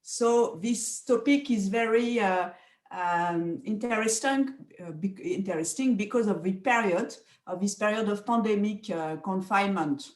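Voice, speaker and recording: A woman with a French accent, a guest speaking English in an interview, hesitant with many fillers and soft laughs. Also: mid-range voice, unhurried, reverberant. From France. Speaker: guest psychoanalyst and researcher.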